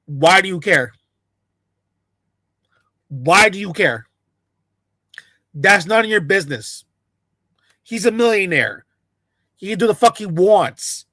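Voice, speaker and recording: A man's voice: sits high, expressive, takes it slowly, pauses often, pushed and bright, dry recording. A man ranting sarcastically to camera, mocking and repeating himself in bursts. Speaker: commentator.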